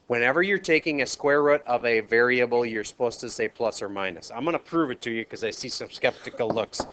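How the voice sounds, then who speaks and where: Minnesotan math teacher lecturing a class. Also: male voice, mid-range voice, fairly bright tone, slight background noise. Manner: asks the class questions, jokes and polls students.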